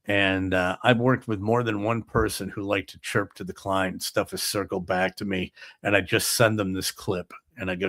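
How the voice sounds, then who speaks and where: A man's voice: sits low, flat delivery, normal speed, hardly any pauses, a bit bright, no echo, clean studio sound. A man hosting a talk show, retelling film scenes in a rambling, casual monologue full of fillers.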